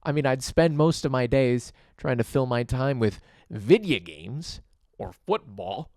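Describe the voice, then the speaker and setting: A man's voice: mid-range voice, expressive, unhurried, a little mellow. A young man rambling through a casual vlog at home, self-deprecating and swearing casually. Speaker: vlogger. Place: at home, doing laundry and in his bedroom.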